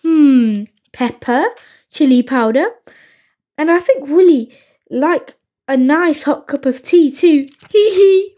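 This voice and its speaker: A woman's voice: high-pitched, slow pace, mellow. A woman voicing a tiny, mischievous female flea who giggles while plotting, in a storybook reading.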